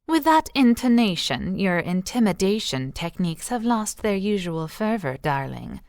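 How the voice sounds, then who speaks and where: A woman voicing a vengeful, cruel sorceress who mocks in a slow, drawn-out way. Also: medium pitch, big pitch swings, gravelly, a little mellow, no room sound, studio quality. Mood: mocking. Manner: slow, mocking, drawn-out delivery.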